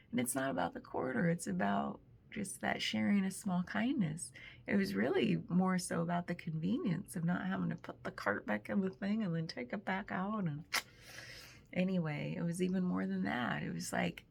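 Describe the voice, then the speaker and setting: Deep, heavily gravelly, husky woman. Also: normal speed. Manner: thoughtful, self-interrupting, drifting into soft whispered asides. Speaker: host of a spiritual reflection channel. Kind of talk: casual reflective monologue.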